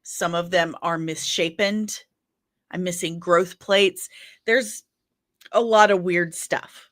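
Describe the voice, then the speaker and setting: Low-voiced woman rambling on a livestream. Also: fairly even intonation, measured pace, a bit bright, no room sound, clean studio sound. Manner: rambling, candid, with frequent laughs; apologetic asides. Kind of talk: casual chat on a livestream.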